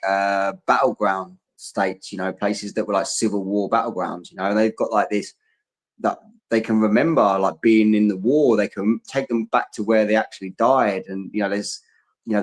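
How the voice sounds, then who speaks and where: A man's voice: fairly low pitch, steady tone, moderate pace, poor audio. A man co-hosting a casual podcast, rambling through fringe theories with many restarts. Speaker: podcast co-host. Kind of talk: casual chat.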